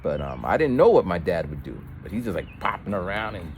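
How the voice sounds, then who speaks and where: A man's voice: deep voice, big pitch swings, fairly quick, very noisy. A man telling a rambling story while walking outdoors, with false starts and quoted voices of other people. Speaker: vlogger. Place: outdoors on a street.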